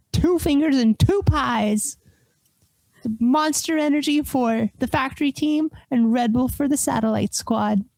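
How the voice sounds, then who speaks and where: A woman's voice: a little high, warm tone, no room sound. A woman co-hosting a casual sports podcast, talking in a playful, mock-dramatic way. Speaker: podcast co-host.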